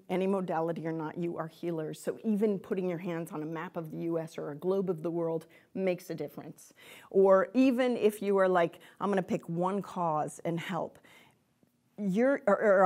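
Chatty, animated woman lecturing a live audience. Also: lowish voice. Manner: chatty and animated, laughing often, speaking directly to listeners. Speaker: lecturer and psychic medium.

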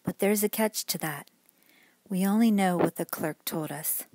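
A woman's voice: on the low side, unhurried, mellow, no room sound, low-quality recording. A woman voicing an earnest, anxious eighteen-year-old boy detective in a bedtime story.

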